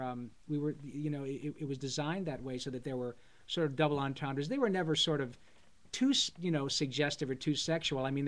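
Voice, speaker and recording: A middle-aged man, a voice actor, chatting enthusiastically in a live Q&A, rambling with many fillers and restarts. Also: mid-range voice. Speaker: voice actor guest. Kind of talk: casual live Q&A chat.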